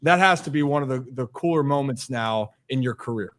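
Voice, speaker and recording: A man's voice: mid-range voice, brisk, a bit bright. A man hosting an interview show, asking long, winding questions in a casual way. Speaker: show host.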